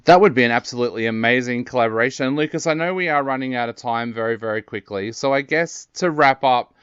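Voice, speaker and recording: A man's voice: medium pitch, fairly bright tone, clean tone, dry recording. Eager Australian male interviewer, lo-fi. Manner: eager, gushing, quick questions. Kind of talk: interview hosting. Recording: dull lo-fi sound.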